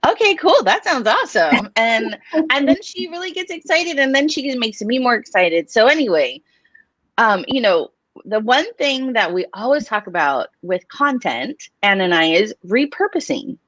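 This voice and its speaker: A woman's voice: fairly high pitch, big pitch swings, moderate pace, fairly bright tone, no echo. A woman co-hosting a casual podcast chat, rambling and chatty with many fillers, heard over a live stream call. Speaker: podcast co-host. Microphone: live stream video call.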